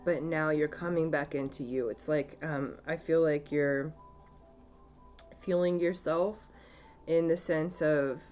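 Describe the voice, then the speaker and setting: Low-voiced woman giving a gentle card reading. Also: fairly even intonation, slow, soft background music. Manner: soft, gentle and emotional, with many fillers. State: tearful. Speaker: tarot and oracle card reader. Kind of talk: casual spiritual card reading.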